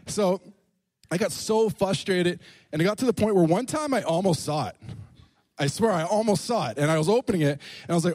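Young guy preaching, kinda high voice, joking around, dry close sound. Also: animated, fast talker, darkish tone, dry recording. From Canada. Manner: playful, jokey storytelling. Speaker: pastor. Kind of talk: lively sermon with humor. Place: church.

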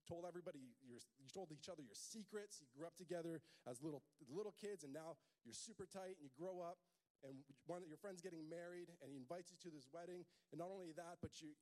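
A man's voice: on the high side, quick pace, warm tone, low-quality recording. A young adult man preaching a sermon in a casual, conversational way, telling stories and acting out other people's voices. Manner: conversational, storytelling, acts out voices. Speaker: pastor.

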